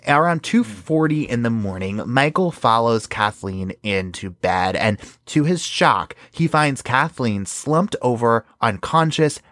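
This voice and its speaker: A man's voice: medium pitch, fairly bright tone, no room sound. A male podcast host narrating and chatting about a true crime case, rambling and full of filler words.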